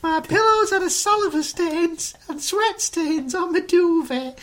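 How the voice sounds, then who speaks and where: Man putting on a shrill, prim lady reviewer. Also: a little slow, a bit bright. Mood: indignant. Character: fussy disgusted woman hotel reviewer. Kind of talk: comic reading of a review.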